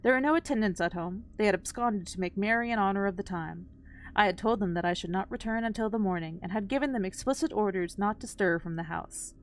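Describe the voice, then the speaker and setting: A woman reading an old story aloud on a live stream, at an ordinary, mid-range pitch. She reads plainly and now and then stumbles over hard words, shrugging them off with casual asides. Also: fast, a little hiss or hum.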